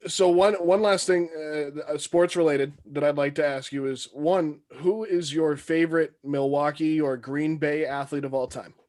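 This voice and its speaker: A man co-hosting a sports podcast, asking relaxed questions and giving short reactions. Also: on the high side, normal speed, few pauses. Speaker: podcast co-host. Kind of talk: casual interview chat.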